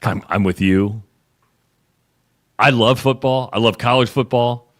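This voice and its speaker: A man with a medium-pitched, unhurried voice co-hosts a sports radio show, chatting casually and rambling through stories with lots of restarts. He retells ads, doing the quoted voices himself.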